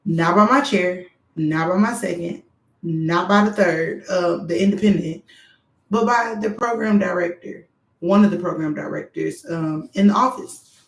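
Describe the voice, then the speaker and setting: A woman giving frank, animated advice straight to her viewers in a candid monologue. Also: lowish voice, measured pace, gravelly. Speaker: doctoral student vlogger. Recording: echoey room.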